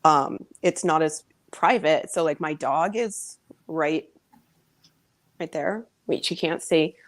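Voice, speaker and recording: Low-voiced woman co-host, dry sound. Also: slow pace, dry recording. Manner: chatty, laid-back, lots of fillers. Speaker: podcast co-host. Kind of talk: casual chat over video call. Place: living room at home.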